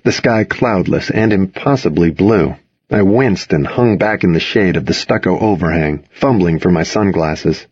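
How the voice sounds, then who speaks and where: A man with a low, husky voice reads a first-person story aloud in a wry, measured way, his pitch moving a lot through each sentence. The recording is very dry, with a slightly muffled sound. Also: a little mellow, no echo. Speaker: audiobook narrator. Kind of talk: first-person audiobook narration.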